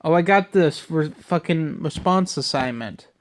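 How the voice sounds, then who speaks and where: A young man in his twenties vents on camera in an irritated, profane ramble. His voice sits a little high for a man, and he complains freely with constant swearing. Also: expressive, a little slow. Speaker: vlogger. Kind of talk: casual ranting vlog.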